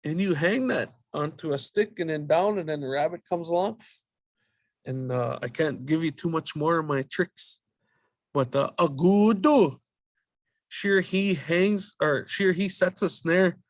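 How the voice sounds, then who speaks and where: A man teaching a language lesson, drilling vowel sounds slowly and repeating each word patiently. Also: on the high side, no room sound, studio quality. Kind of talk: slow spoken language lesson.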